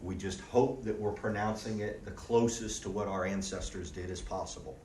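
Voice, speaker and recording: Low-voiced man teaching, distant room recording. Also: normal speed, a little hiss or hum. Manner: relaxed, ends points with a checking "okay?". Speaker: language teacher. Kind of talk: classroom lesson. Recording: roomy, distant audio with faint background ambience.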